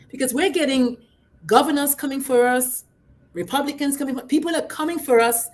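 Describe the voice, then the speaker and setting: Brash, outspoken higher-voiced woman. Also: a little fast, a little hiss or hum. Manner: brash, outspoken, swings between loud and soft. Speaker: guest, pediatrician and life coach. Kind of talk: casual livestream chat.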